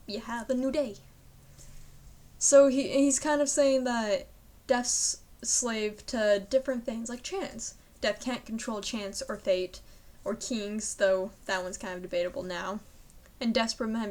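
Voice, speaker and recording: A young woman student reads poems aloud and then explains them in an informal way, hedging with many fillers and adding self-deprecating asides. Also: a little high. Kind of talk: poetry reading and casual explanation.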